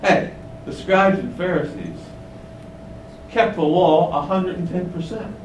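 A man preaches a sermon with emphasis, putting questions to his listeners and repeating key lines in a lively, unhurried voice. The recording sounds like an echoey room, with the mic at a distance and a faint rumble underneath.

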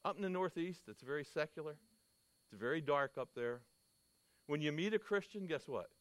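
A man delivers a sermon in an emphatic, storytelling way, often asking his listeners questions. His voice sits a little high. The sound is dry and close, with no room echo. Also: animated, moderate pace. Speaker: preacher.

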